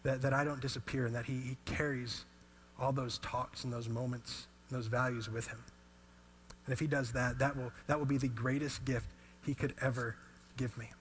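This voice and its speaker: A man in his thirties preaching a sermon as a pastor, telling personal stories in an animated way. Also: medium pitch, normal speed, slight background noise. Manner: animated storytelling.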